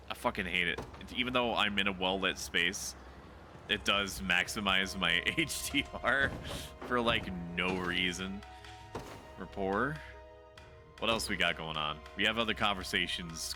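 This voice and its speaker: A man's voice: low-pitched, normal speed. A male streamer giving casual, joking commentary while playing a game, swearing and laughing often. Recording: game music playing behind.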